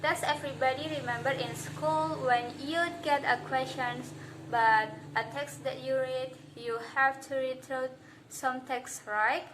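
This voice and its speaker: A woman who speaks English as her first language, giving a public talk on stage. She speaks deliberately and with emphasis, addressing the audience directly. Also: sits high, steady tone, background noise. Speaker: conference speaker. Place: stage before a live audience.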